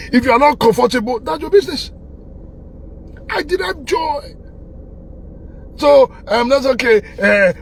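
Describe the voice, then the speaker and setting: A Nigerian man who comments online gives a heated, preachy political speech in a Pidgin-flavoured accent, circling back over the same points and breaking out in laughter and shouting. His voice is high, and a faint hiss or hum can be heard.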